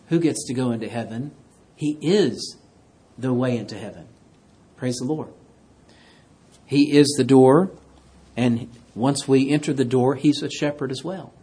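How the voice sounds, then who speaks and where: Male preacher, fairly high voice, emphatic sermon delivery, loud declarations dropping to hushed asides. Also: slightly rough. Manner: reads scripture in King James wording.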